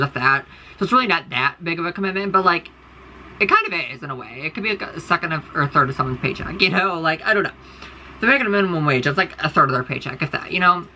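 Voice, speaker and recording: Woman, fast, bright, tense delivery; blunt profane rambling rant to followers, phone mic indoors, faint room hum. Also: low voice, rough recording. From United States. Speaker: content creator. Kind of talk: casual ranting monologue to followers.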